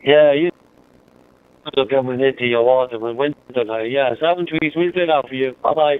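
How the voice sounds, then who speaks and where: A man's voice: mid-range voice, normal speed, clear, resonant tone. An Irish man chatting over a mobile radio, friendly and repeating his call sign. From Ireland. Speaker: amateur radio operator. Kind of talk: casual radio contact chat. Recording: narrow-band two-way radio audio.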